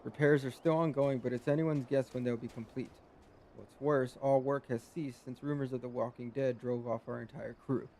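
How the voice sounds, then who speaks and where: A man's voice: mid-range voice, steady tone, normal speed, mellow, close to an everyday voice. A man reading the lines of a polite, worried male lighthouse guard in a video game, formal and explanatory.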